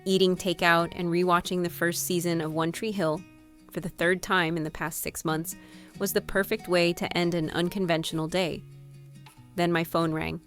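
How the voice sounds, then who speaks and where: A woman narrating her own novel as an audiobook, reading in the first person with expressive delivery. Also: lowish voice, moderate pace, soft background music. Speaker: author and narrator.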